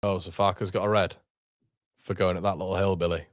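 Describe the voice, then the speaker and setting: A man's voice: sits low, level tone, a little fast, no room sound, studio quality. A young man hosting a live fan watchalong, reacting with frustration and swearing as he talks to his chat.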